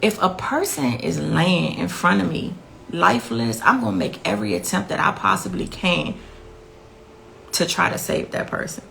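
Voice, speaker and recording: A woman's voice: fairly low pitch, expressive, normal speed, vocal fry, a bit bright, slight background noise, poor audio. A woman, a grieving mother, giving a blunt and impassioned interview account, repeating herself for emphasis. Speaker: victim's mother telling her story.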